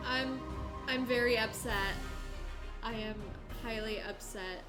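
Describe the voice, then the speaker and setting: A woman talks casually while she plays a video game on a live stream. Her voice sits a little high, and she hams up her exasperation by repeating the same words. Game music runs underneath. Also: takes it slowly, rough recording. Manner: playfully exasperated, repeats herself for comic effect. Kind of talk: casual live-stream chat, reading game dialogue aloud.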